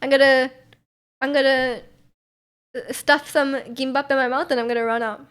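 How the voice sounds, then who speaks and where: A young woman talks loosely to her stream chat, wandering through her thoughts with plenty of "like" and small laughs. Her voice sits a little higher than most. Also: steady tone, moderate pace, a bit bright, clear, resonant tone. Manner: rambling, heavy use of "like", frequent laughs. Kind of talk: casual chat with viewers.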